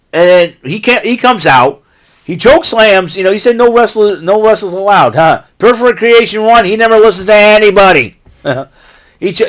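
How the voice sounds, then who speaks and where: An American man hosting his own vlog, giving an excitable, rambling recap full of asides and restarts. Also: high-pitched. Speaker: vlog host recapping wrestling.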